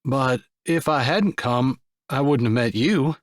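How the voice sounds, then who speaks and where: A man voicing a gentle young cowboy in an audiobook romance, earnest and tender. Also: mid-range voice, slow, dry recording, studio quality, lightly acted. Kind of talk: audiobook dialogue.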